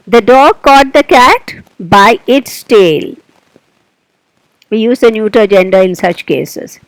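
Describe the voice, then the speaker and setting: Slow, deliberate woman teaching grammar. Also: a little high, no room sound, poor audio. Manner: slow, deliberate explaining with questions to the learner. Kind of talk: recorded grammar lesson.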